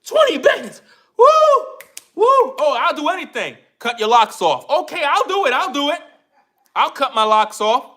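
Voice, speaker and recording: A man's voice: high-pitched, huge pitch swings, moderate pace, hardly any pauses, pushed and bright, exaggerated voice. A man voicing a giddy man overjoyed at a cash payout, squealing and laughing.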